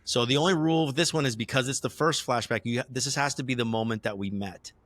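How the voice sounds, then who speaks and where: A man with a bright, forward voice walks a friend through the rules of a tabletop game, step by step, often circling back to rephrase. He sits at an average pitch, and the sound is dry with no room echo. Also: fast. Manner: explains rules step by step, rambling restarts. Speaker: rules explainer and player. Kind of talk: casual tabletop game play.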